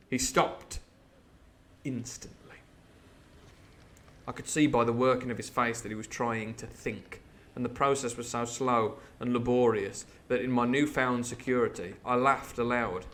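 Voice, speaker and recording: Host, man, mid-pitched, reads a novel aloud with animated, jokey commentary. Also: measured pace. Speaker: streamer reading a novel aloud. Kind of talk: storybook reading with live commentary.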